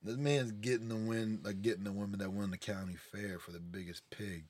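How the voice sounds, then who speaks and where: A man's voice: lowish voice, fairly even intonation, fairly quick, darkish tone. A man hosting a casual podcast, telling rambling, profane family stories with lots of "like". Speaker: podcast host. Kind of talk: casual storytelling chat.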